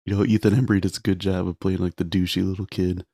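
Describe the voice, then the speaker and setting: Deep, mellow-voiced man chatting about movies. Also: flat delivery, fast, dry recording, clean studio sound. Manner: rambling, retells scenes with filler words. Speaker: podcast co-host. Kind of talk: casual movie chat.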